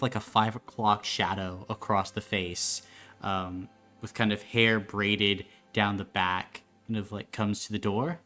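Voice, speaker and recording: A woman game master narrating a tabletop game in a hesitant way, with many fillers and pauses. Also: a bass voice.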